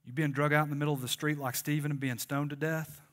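A man's voice: fairly high pitch, little pitch movement, fast, a bit bright. A man preaching a sermon, conversational and joking and calling on the congregation to respond. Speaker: pastor.

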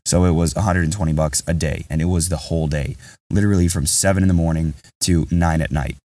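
Deep-voiced male podcast host, candid and rambling, sitting a little back from the mic. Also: steady tone, fast, warm tone, no echo, far from the mic. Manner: rambling, candid, says "bro" a lot. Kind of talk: casual podcast storytelling.

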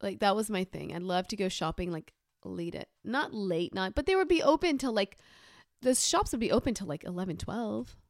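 A woman's voice: mid-range voice, expressive, normal speed, no echo, studio quality. A woman in casual chat, chatty and asking follow-up questions, then telling her own story. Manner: chatty, laughs along, asks questions.

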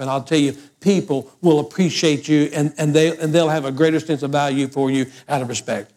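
A man preaching a sermon as pastor, emphatic and urging, building to loud exhortations. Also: a little high, fast talker, hardly any pauses.

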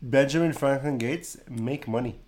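A man co-hosting a casual podcast chat, joking and pitching wild ideas. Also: normal speed, a little mellow. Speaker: podcast co-host.

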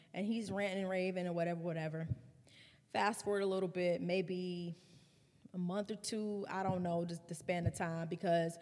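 Candid woman podcaster, reverby room. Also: fairly low pitch. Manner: candid, animated retelling with laughs and swearing. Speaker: podcast host. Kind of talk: personal storytelling podcast.

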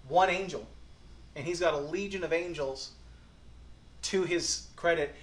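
An earnest, folksy male pastor, his voice sitting a touch high as he moves between hushed reflection and emphatic, pressing lines. The sermon rings out in a roomy, echoey hall. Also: unhurried.

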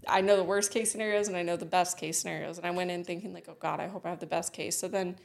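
A woman's voice: on the low side, steady tone, very fast, creaky. A woman co-hosting a podcast, telling a personal story in blunt casual chat with lots of swearing. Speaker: podcast co-host.

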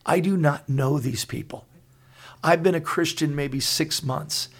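A man in his sixties, co-host of a Christian talk show, telling stories in an earnest, halting way with many restarts. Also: a little high. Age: 60s. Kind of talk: conversational storytelling.

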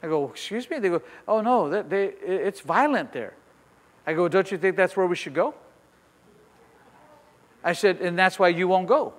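A middle-aged man pastor preaching a sermon with personal stories, swinging between soft asides and loud emphatic declarations. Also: high-pitched, moderate pace, long pauses, in a large hall.

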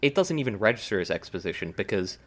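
A man co-hosting a podcast, chatting casually in a rambling, animated way full of fillers and restarts. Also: fairly low pitch, fast. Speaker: podcast co-host. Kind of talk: casual chat. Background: desk smacking.

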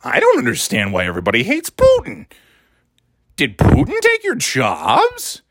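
A man putting on a mocking impression of a whiny, squeaky-voiced male TV pundit, speaking in a shrill, exaggerated whine. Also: huge pitch swings, unhurried, fairly bright tone, dry recording, studio quality, full character voice. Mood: whiny mockery. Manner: shrill, whining, exaggerated mockery. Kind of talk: mocking impression in a podcast rant.

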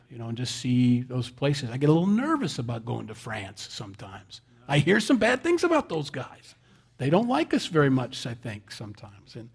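A man preaching a sermon in a conversational, folksy way, with self-deprecating asides. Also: mid-range voice. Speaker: pastor.

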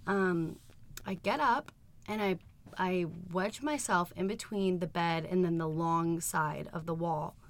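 A woman's voice: fairly low pitch, unhurried. A young adult woman co-hosting a podcast, telling a rambling, frank and profane story in casual chat and laughing often as she goes. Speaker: podcast co-host.

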